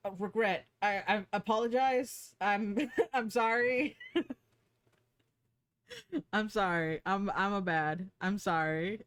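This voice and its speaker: A woman chatting on a stream from a home setup, loose and rambling, with casual swearing and playful baby talk. Her voice shoots up high whenever something excites her, and she giggles often. The sound is dry and close, with no room around it. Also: no echo. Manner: pitch leaps up high when excited. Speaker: streamer and 3D artist.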